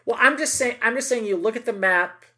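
A man's voice: very high voice, a little fast, pushed and bright. A middle-aged man co-hosting a podcast, chatting casually and emphatically about politics, with many asides and tag questions.

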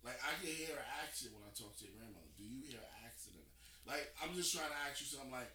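Fast-talking man with a lively voice. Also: mid-range voice, slight background noise. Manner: pushy, questioning, slangy. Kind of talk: casual chat. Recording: roomy recording with crowd chatter behind.

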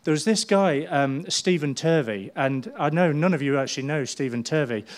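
A middle-aged man, preaching a sermon as a pastor in a lively storytelling manner. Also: on the high side, moderate pace. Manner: animated storytelling, acting out people's voices.

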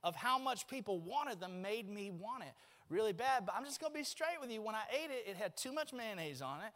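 A man's voice: high voice, brisk. A man, preaching a folksy, joking sermon in a church. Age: 40s. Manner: folksy, joking, animated storytelling. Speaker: pastor. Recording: long reverb of a church hall.

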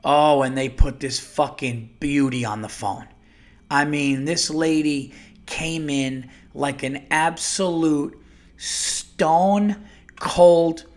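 A man with a slightly higher voice tells a comic story as a loose, profane rant. He sounds animated and exasperated as a podcast host. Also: takes it slowly.

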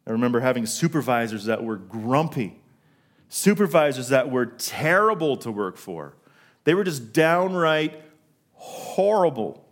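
A middle-aged man preaching a sermon to a congregation, telling a story from his own working life and slowing down to stress key words. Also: medium pitch, sing-song. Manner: storytelling, asks the congregation questions, slows for emphasis. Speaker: pastor.

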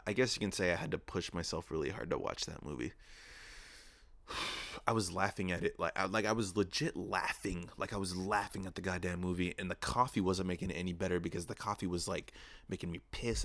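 A young man hosting his own podcast, telling a profane, animated story with mock-quoted asides. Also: low-pitched, brisk, dry recording. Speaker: podcast host. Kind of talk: casual solo podcast rant. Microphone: podcast microphone.

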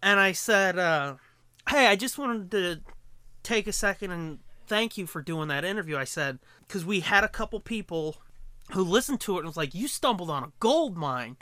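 A man co-hosting a podcast, telling a story in casual chat, animated and profane, acting out quotes. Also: high voice, normal speed, no echo. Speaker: podcast co-host.

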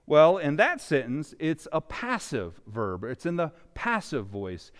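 A male pastor preaching a sermon, with animated emphasis that swings loud and soft. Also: a little high, moderate pace, hardly any pauses, smooth. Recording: long reverb of a large hall.

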